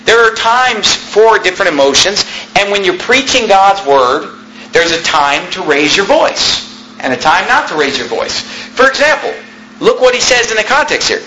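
A man preaching with a bright, high voice that leaps up and down in pitch. He yells his sermon as a pastor, and the sound rings around an echoey room. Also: very animated, normal speed, slight background noise. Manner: loud, shouting preaching.

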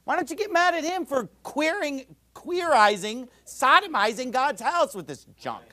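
A man's voice: very high-pitched, very animated, moderate pace, pushed and bright. A man preaching a sermon in a heated, combative, ranting manner. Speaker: pastor.

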